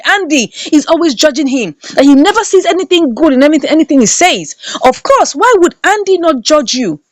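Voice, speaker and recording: A woman's voice: sits high, dry recording. A woman recapping a film, commenting in an indignant, emphatic way and repeating lines for effect. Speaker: movie reviewer. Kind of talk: animated movie recap and commentary.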